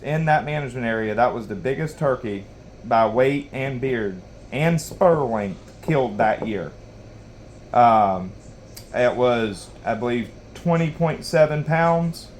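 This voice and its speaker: A man's voice: medium pitch, slight background noise. A man telling a long hunting story in a rambling, folksy way, full of restarts. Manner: rambling, folksy, lots of you-knows and restarts. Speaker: knife sharpening channel host. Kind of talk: casual storytelling while sharpening.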